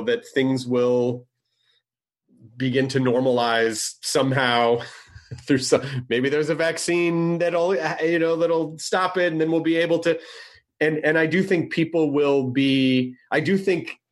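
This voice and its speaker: A man in casual conversation, talking in a rambling, hesitant way with many restarts. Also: medium pitch.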